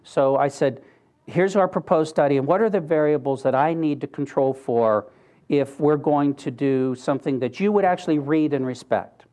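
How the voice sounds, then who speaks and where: A man's voice: on the high side, normal speed, warm tone. An older man giving an earnest, conversational talk, telling a personal story with wry asides. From Pennsylvania, US. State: briefly choked up. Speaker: speaker.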